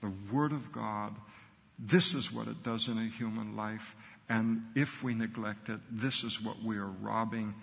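A man's voice: on the low side, fairly even intonation, measured pace, gravelly, in a large hall. A middle-aged man, a pastor, preaching a sermon earnestly and emphatically in short punchy phrases.

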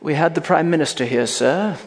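Brief: fussy, deferential butler with a British accent, as a preacher puts him on, echoing hall. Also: male voice, fairly high pitch, fairly quick, natural voice.

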